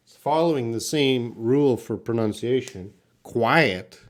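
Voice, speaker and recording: Slow, low-voiced male English teacher. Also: a little mellow. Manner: slow, drawn-out word repetition for learners; thinks aloud, answers chat questions. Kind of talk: live online pronunciation lesson.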